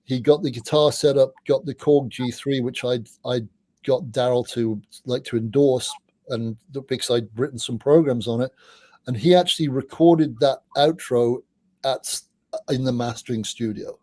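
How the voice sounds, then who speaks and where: A middle-aged man, a podcast guest, telling anecdotes in a chatty way, often restarting his sentences and dropping in quick asides. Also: mid-range voice, fairly even intonation, mellow, no room sound. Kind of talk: casual anecdotal storytelling.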